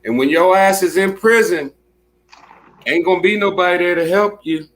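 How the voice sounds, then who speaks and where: A man's voice: sits high, normal speed, fairly bright tone, low-quality recording. Casual man stammering through his point. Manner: casual talk with stammering repeats. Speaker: panelist. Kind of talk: casual panel discussion.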